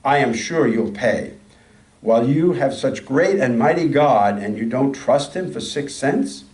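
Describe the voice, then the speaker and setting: A man voicing a kind rabbi disguised as a peasant woodseller, speaking gruffly and reproachfully. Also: medium pitch, lively intonation, unhurried, echoey room, distant mic, lightly acted. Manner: gruff, reproachful and gently scolding.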